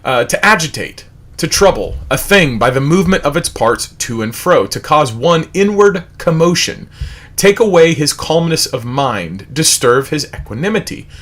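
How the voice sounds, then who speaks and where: Animated man preaching with rhetorical questions. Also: a little high, moderate pace. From United States. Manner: animated, repetitive rhetorical questions, reads word definitions aloud. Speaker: preacher leading a Bible study. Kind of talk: livestreamed Bible study.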